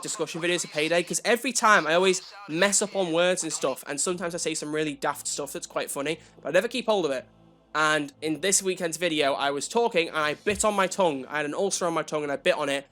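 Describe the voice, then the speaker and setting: On a relaxed gaming livestream with faint background music, a man talks to his chat and makes self-deprecating jokes. His voice sits on the high side with a fairly bright tone.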